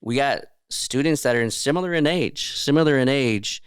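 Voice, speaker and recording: A man's voice: mid-range voice, moderate pace, smooth, no echo, studio quality. A man hosting a podcast, hyping up his guests and asking questions in casual talk. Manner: upbeat, hypes guests. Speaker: podcast host. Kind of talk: casual interview.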